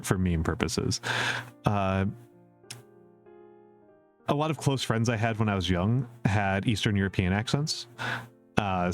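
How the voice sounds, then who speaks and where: A man from the Upper Midwest of the US chatting casually on a live stream, rambling and repeating himself with lots of fillers. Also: lowish voice. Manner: chuckles at his own jokes. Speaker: VTuber streamer answering viewer questions.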